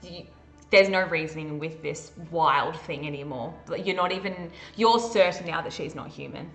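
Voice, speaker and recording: A woman's voice: low-pitched, fairly bright tone, faint music behind. Australian woman narrating a horror game. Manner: vivid, descriptive, halting with fillers. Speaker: game master.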